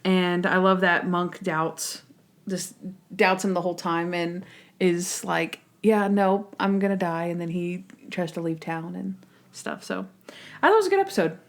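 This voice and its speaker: A woman co-hosting a podcast in casual chat, telling a TV episode in an animated way and laughing often. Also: on the low side, a little slow. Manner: chatty, laughs often, retells scenes animatedly. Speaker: podcast co-host.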